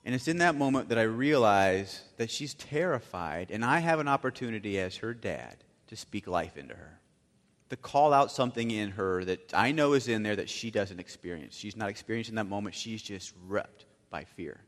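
Guy preaching a sermon like a story, kinda low voice, big hall echo, goes loud then quiet a lot. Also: expressive, moderate pace. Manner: dramatic storytelling, swinging from loud to hushed. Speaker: pastor. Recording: long hall reverb.

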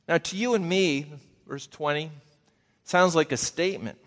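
A man's voice: on the high side, normal speed, fairly bright tone. A man in a somewhat raised register preaches a conversational Bible teaching. He keeps it folksy and turns to his listeners with direct questions, and his words ring out with the long reverb of a big hall.

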